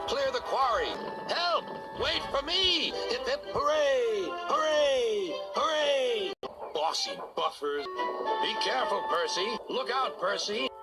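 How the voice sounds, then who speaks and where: A man voicing a cast of fussy, cheeky toy train engines for a children's storybook series, jumping between squeaky and gruff voices. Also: exaggerated voice, low-quality recording. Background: music.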